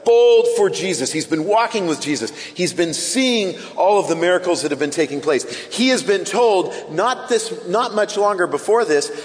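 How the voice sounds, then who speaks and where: Preaching in a large hall, a young man serving as pastor tells the story casually and with animation, voicing the disciples himself. His voice sits high.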